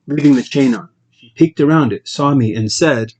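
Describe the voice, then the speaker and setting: A man narrating an audiobook in a measured, steady storytelling voice. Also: medium pitch, highs cut off, a little hiss or hum. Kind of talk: scripted narration.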